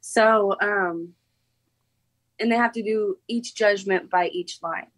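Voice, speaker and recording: A woman's voice: mid-range voice, takes it slowly, no room sound. A young woman from Oklahoma in her late teens, a former contestant chatting casually in an interview, bubbly and giggly with lots of "like" fillers.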